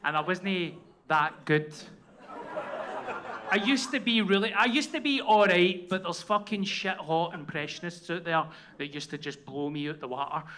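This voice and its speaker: A man's voice: sits high, moderate pace. A Glaswegian man telling a story as a comedian on stage, sweary and self-deprecating, often asking "right?". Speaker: comedian guest. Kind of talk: live stand-up storytelling. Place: comedy venue. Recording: live room with loud crowd and noise.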